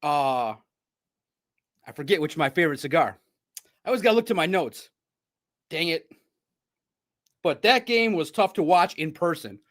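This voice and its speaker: On a live sports recap stream, this male podcast host talks in a bright, high voice at a moderate pace, with long pauses. He rambles and laughs often, jumping from loud bursts to muttered side comments.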